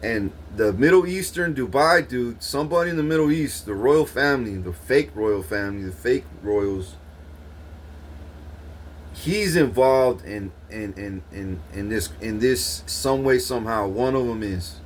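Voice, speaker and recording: A man's voice: mid-range voice, lively intonation, measured pace. Man, young, rambling casual monologue, profane street slang, stumbling restarts, faint background noise. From Corpus Christi, Texas. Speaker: vlogger. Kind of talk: casual monologue recounting a dream.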